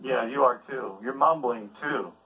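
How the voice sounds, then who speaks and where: A man's voice: mid-range voice, moderate pace, pushed and bright, husky, poor audio. A man on the phone who sounds irritated and teasing. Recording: voice from off the mic.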